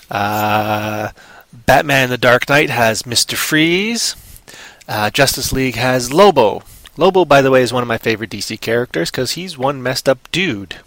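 A man's voice: mid-range voice, fairly bright tone, no echo. A man hosting a casual comic book show, talking in a chatty, jumpy, playful way and throwing in sound effects. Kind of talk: casual live-stream chat.

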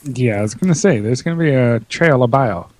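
A man with a slight Southern accent in a casual comedic podcast chat, teasing and quick to laugh. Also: medium pitch. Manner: laughs a lot, teasing, lively.

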